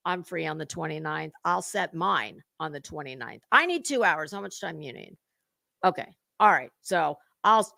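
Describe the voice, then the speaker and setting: A woman's voice: mid-range voice, gravelly, bright, forceful tone, no echo. A middle-aged woman hosting drama commentary, scathing and mocking, lecturing and swearing freely. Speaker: commentary channel host.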